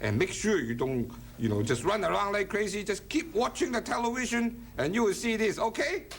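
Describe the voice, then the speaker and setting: A man's voice: high voice, animated, brisk. A man hosting a cooking show, joking and chatting playfully while he demonstrates. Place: studio kitchen. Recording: kitchen clatter and chopping noise.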